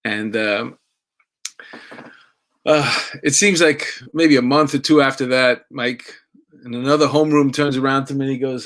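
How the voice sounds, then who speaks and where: A man's voice: mid-range voice, normal speed, long pauses, a bit bright. New guy telling stories, middle aged, chatty with restarts. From New York. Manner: conversational with laughs and restarts. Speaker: storyteller. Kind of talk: personal storytelling.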